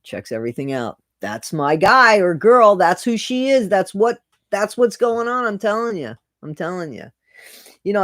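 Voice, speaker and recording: A middle-aged man with a voice on the high side chats casually on a live stream, greeting viewers by name and repeating his phrases. The recording is dry.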